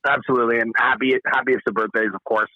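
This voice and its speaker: A man's voice: medium pitch, level tone, fast, no room sound, lo-fi sound. A man chatting as a guest on a live stream, goofy, playful and rambling. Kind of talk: casual chat over a live stream call.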